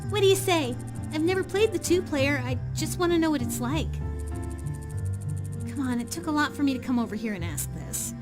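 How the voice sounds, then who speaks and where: A woman puts on a determined schoolgirl in a visual novel game, her voice set high and bright. She stammers when flustered, then pushes her request bluntly, with game music playing behind her. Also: animated, brisk. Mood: earnest. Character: determined young female student gamer.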